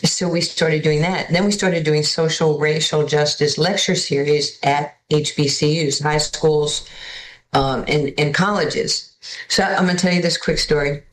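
A woman's voice: low voice, a little slow. A woman, telling stories casually as a guest and acting out the voices of the people she quotes. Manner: animated, acts out voices in quotes. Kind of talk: casual storytelling. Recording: echoey room.

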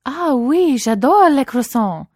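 A woman's voice: high-pitched, big pitch swings, takes it slowly, dry recording, studio quality, pitched above the performer's own voice, full character voice. A posh schoolgirl in a fake French accent. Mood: theatrical. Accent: put-on French. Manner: loud, showy. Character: posh boarding-school girl, Chelsea, putting on a French accent.

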